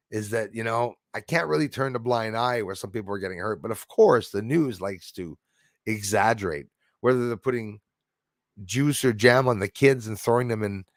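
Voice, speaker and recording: Gravelly-voiced man hosting a livestream. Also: mid-range voice, dry recording, clean studio sound. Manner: rambling, opinionated, laughs at his own jokes. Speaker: livestream host. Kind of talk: casual livestream chat reading viewer comments.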